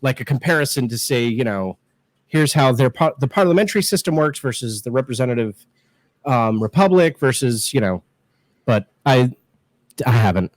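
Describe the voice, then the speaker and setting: A man's voice: mid-range voice, expressive, normal speed, dry recording, rough recording. Joking man in his thirties, dry sound. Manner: joking, self-mocking, laughs often. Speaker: guest, political scientist and show host. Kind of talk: casual live-stream chat.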